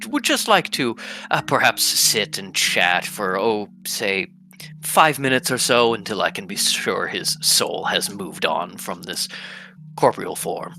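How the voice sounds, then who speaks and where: A man voicing a calm, courteous male assassin who speaks in a low, measured, apologetic way. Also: creaky, faint music behind, exaggerated voice. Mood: calmly polite. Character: polite calm assassin, male, soft-spoken.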